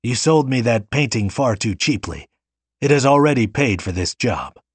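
A man voicing a formal, measured male hitman in an audiobook reading. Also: mid-range voice, animated, breathy edge, no room sound, voice pushed up. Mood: calm. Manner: measured, businesslike. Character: cool, formal male hitman of few words.

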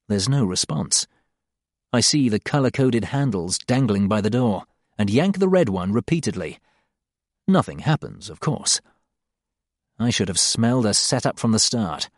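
An audiobook narrator reads a first-person story, his dry, wry humor carried by a pitch that shifts expressively from line to line. He's very animated yet unhurried, and the recording is close-miked and completely dry.

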